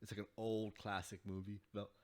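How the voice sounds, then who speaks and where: A man's voice: fairly low pitch, little pitch movement, a little fast, darkish tone. A man co-hosting a casual chat podcast, joking, laughing often and trailing off mid-sentence. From New York. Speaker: podcast co-host.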